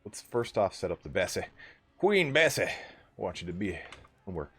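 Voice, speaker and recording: A man streaming a strategy game live, chatting casually with viewers, swearing freely and breaking into excited outbursts. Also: low voice, a little fast, breathy edge. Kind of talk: casual live gameplay commentary.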